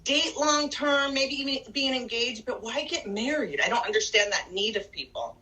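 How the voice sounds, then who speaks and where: A woman's voice: a little high, expressive, moderate pace, pushed and bright, low-quality recording. A woman from California with a cold, co-hosting a podcast in a blunt, opinionated way, swearing casually. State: nasal from a cold. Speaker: podcast co-host.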